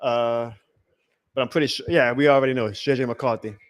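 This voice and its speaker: A man hosting a live reaction stream in a casual, excitable, rambling way, chuckling often as he talks to his chat. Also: mid-range voice, a little fast, smooth.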